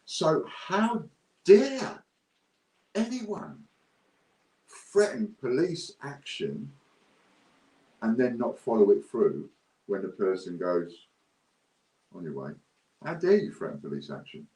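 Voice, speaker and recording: A man's voice: medium pitch, very animated, slow, long pauses, warm tone, roomy sound, rough recording. Blunt, indignant man. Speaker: business owner vlogger. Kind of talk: ranting to camera.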